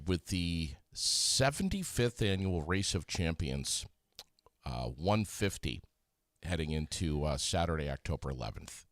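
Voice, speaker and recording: Lively low-voiced male podcast host. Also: no room sound, studio quality. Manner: chatty, filler-heavy announcer. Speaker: podcast host reading local news. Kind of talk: casual chat with announcements.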